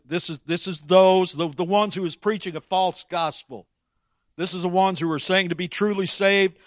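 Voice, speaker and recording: A man preaching a sermon, animated, with frequent restarts and loud dramatic climaxes. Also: fairly high pitch, no echo, clean studio sound.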